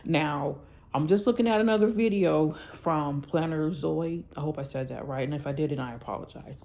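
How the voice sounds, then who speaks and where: Speaking at a normal pace in a low, warm voice, this woman rants on her planner vlog about an order gone wrong. She's angry and blunt, addressing viewers with "y'all" and "okay?" throughout.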